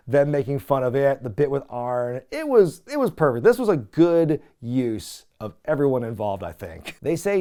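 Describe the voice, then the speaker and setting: A man hosting a casual wrestling recap, talking in an animated, chatty way with lots of filler words. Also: medium pitch, normal speed, hardly any pauses. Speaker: wrestling recap podcast host.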